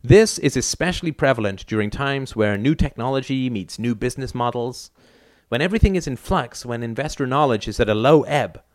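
A man's voice: mid-range voice, lively intonation, fairly quick, no echo. A man narrating a novel in a wry, dry storytelling manner. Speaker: audiobook narrator.

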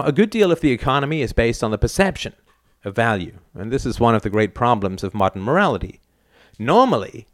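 A man's voice: medium pitch, no room sound. A man narrating a novel in a wry, dry storytelling manner. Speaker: audiobook narrator.

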